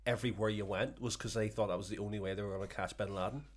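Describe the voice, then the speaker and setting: A man's voice: lowish voice, fairly even intonation, racing. A man co-hosting a podcast, explaining things at length in casual chat. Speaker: podcast co-host.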